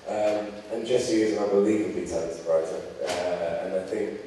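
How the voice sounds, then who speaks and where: A man's voice: low voice, little pitch movement, normal speed, dark tone. An actor jokes about himself while answering questions at a festival Q&A. He is picked up from a distance in a big hall, and the sound is heavy with echo and a faint background hiss. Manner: self-deprecating, joking. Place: festival screening venue, audience. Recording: roomy hall audio from far off.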